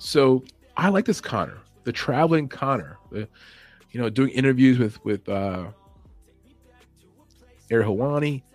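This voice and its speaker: A man's voice: mid-range voice, big pitch swings, a little slow, long pauses, no room sound, faint music behind. A man hosting a podcast in a casual opinion chat, rambling, opinionated and chuckling as he talks. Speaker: podcast host.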